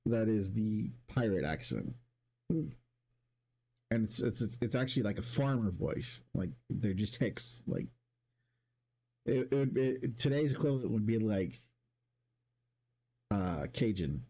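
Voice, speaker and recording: A man's voice: lowish voice, animated, measured pace, vocal fry, pauses often, dark tone, slightly rough. A man streaming and talking casually to his chat, rambling with many restarts and casual swearing.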